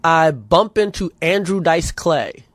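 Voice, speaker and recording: A man's voice: fairly high pitch, expressive, takes it slowly, dry recording. A man guesting on a comedy talk show, telling stories casually and swearing freely. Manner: storytelling, profane, laughs often. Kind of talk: casual interview chat.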